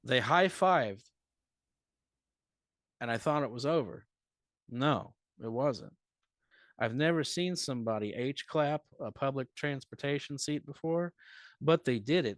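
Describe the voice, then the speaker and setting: A man telling a profane, rambling comic story as a comedian guest on a live podcast, swinging between loud bursts and mutters. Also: medium pitch, unhurried, long pauses, no room sound, clean studio sound. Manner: animated, profane, rambling anecdote with big swings in loudness.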